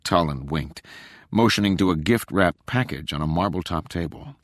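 A man narrating an audiobook in a measured, expressive way. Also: deep voice, no echo, clean studio sound.

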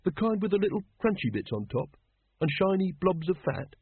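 A man's voice: high voice, big pitch swings, normal speed, slightly rough, no echo, voice pushed up, exaggerated voice. A man playing an earnest, huge young watchman. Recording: dry, narrow phone-like sound.

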